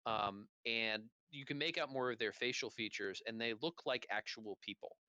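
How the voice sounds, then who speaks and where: A young man narrates a tabletop game as its game master, his voice bright and crisp. He rambles loosely, circling back with fillers as he sets each scene, close to a dry mic. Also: medium pitch, normal speed, no room sound, lo-fi sound.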